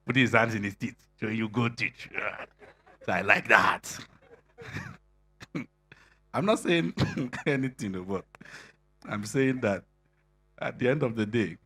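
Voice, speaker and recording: Speaking to an audience of singles, a middle-aged man delivers a chatty sermon full of laughter that swells into loud emphasis. His voice is lowish and slightly rough.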